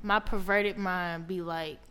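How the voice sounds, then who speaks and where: A woman's voice: lowish voice, fairly even intonation, slow, sharp tone, soft background music. A woman co-hosting a podcast in casual, playful banter. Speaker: podcast co-host. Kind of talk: casual chat.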